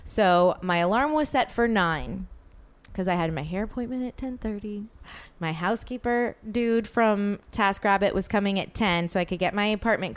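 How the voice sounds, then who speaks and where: A woman with a smooth, clear voice chats casually as a podcast host. She rambles through her story, filling it with one "like" after another. Her pitch sits in an ordinary middle range. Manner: rambling storyteller, filler-heavy with many "like"s. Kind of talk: casual chat.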